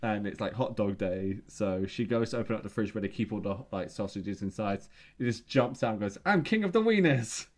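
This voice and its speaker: Casting: male podcast co-host, lowish voice, casual recaps, slips into quoting characters. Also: steady tone, a little mellow. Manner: retells scenes with quick acted quotes. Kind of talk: casual chat.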